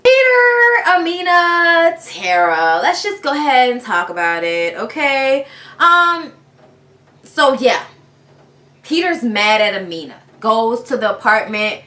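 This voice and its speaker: A woman's voice: on the high side, expressive, slow pace, pushed and bright. Blunt, profane woman ranting in an echoey room. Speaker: TV show reviewer. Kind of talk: casual profane rant.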